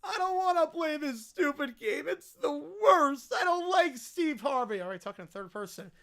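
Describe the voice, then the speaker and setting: A spoiled little boy whines and yells through a nonstop tantrum, as a man puts him on. His high voice jumps wildly between shrill shouts and sulky mumbles. He sounds entitled, loud and impossible to calm. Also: normal speed, heavily acted. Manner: whining, yelling tantrum.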